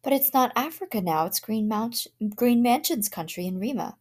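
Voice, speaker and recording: A woman's voice: fairly high pitch, expressive, moderate pace, darkish tone, voice pushed up. A woman voicing a nervous young mother in a storybook reading, anxious and full of questions.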